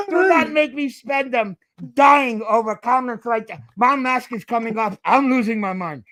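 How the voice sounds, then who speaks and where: A man's voice: very high voice, moderate pace, bright, forceful tone. A man in his fifties, a podcast host, ranting in a casual chat, swearing and tagging his points with "okay?".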